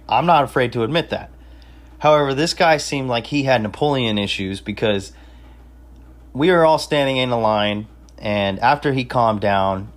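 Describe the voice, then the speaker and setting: A young man telling a party story in casual chat, swearing freely and bragging, with street slang. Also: medium pitch. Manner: profane, boastful, street slang. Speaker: podcast host telling a story.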